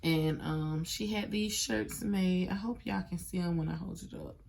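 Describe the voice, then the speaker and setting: A woman in her thirties tells a personal story straight into her phone at home, rambling and full of fillers, her feelings close to the surface. Her voice sits low and has a gravelly edge. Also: moderate pace, a little mellow, a little hiss or hum. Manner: casual, emotional storytelling with many fillers. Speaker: vlogger.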